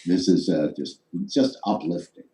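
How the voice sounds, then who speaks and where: Male co-host, unhurried and dry-humored, with a warm tone, recorded off-mic in a roomy space. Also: sits low. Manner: slow, halting, joking. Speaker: podcast co-host. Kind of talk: casual political chat. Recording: distant mic in an echoey room with faint noise.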